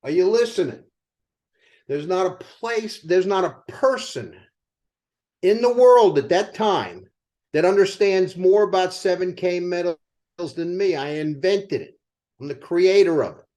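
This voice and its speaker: An older man with a high-pitched voice delivers a motivational sales talk. He tells it as a lively story and keeps asking his listeners rhetorical questions. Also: a little slow. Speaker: company co-founder speaking to sales team.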